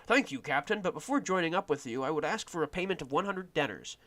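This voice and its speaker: A man voicing an older female camp follower in a game, a blunt and shrewd woman, speaking in a slow, drawn-out storytelling manner. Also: on the high side, expressive, a bit bright, pitched above the performer's own voice. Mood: gruff, worldly.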